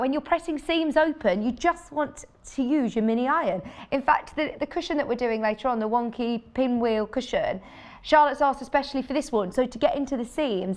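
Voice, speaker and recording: A woman presenting a live home shopping show, chatty and enthusiastic, chatting with off-camera crew between sales pitches. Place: TV studio.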